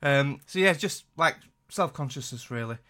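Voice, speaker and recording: A man with a Yorkshire accent co-hosting a podcast, chatting casually and self-deprecatingly, often trailing off quietly. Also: mid-range voice, animated, normal speed. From Yorkshire, England. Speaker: podcast co-host. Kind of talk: casual chat.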